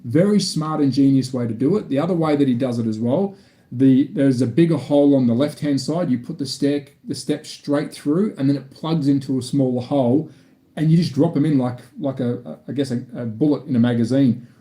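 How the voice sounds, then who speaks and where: A man's voice: mid-range voice, fairly quick, dark tone. A man from Australia with an Australian accent, chatting casually on a live stream while building a model kit, rambling and restarting often.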